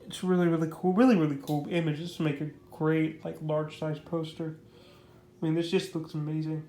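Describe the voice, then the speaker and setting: A man's voice: on the high side, little pitch movement, fairly quick, dark tone, slight background noise. A man giving a casual comic book review, rambling with lots of fillers and repeating his praise. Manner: rambling, heavy on fillers like "basically" and "like". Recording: roomy echo.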